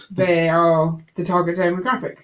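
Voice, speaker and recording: A woman's voice: fairly low pitch, little pitch movement, a little slow, rough recording. A woman co-hosting a livestream, chatting and thinking aloud as she builds. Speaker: co-host. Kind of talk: casual chat while building. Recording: noticeable background noise, home livestream.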